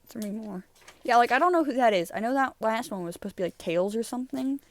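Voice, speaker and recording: A woman's voice: fairly high pitch, expressive, fast, no echo. Chatty young woman reviewing her old sketches. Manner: chatty, rambling, laughs often. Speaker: channel host. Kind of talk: casual art review chat.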